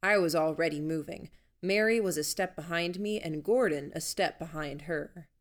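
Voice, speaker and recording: A woman reading a first-person story aloud in an even, measured storytelling manner. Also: low voice. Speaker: audiobook narrator. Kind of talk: first-person audiobook narration.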